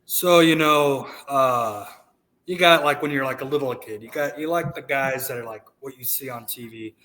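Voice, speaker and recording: A man's voice: mid-range voice, normal speed, pushed and bright, low-quality recording. Thirties man, podcast guest, loose storyteller, candid and a bit crude. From United States. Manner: candid, profane, rambling anecdotes. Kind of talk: casual storytelling chat.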